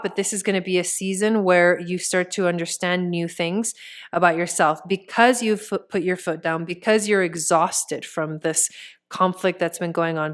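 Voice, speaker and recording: Speaking directly to "you," this woman, a tarot reader and astrologer, offers a relaxed, chatty card reading full of filler words. Her voice is fairly low, smooth and fairly bright.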